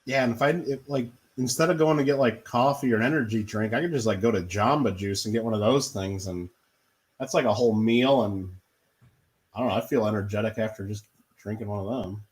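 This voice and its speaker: A playful co-streamer chats casually while playing a farming game, laughing often. His voice is fairly low in pitch and he talks a little fast.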